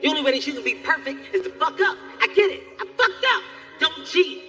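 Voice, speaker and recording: High, bright, animated stand-up comedian. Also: male voice, fairly quick. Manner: animated, profane, exasperated storytelling. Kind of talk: stand-up storytelling. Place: live comedy venue. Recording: distant live stage recording with faint music.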